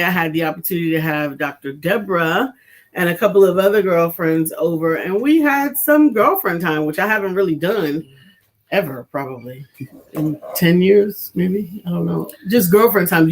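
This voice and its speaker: A middle-aged woman from New York, co-hosting a casual chat show, upbeat and chatty with frequent laughter. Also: lowish voice. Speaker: podcast co-host.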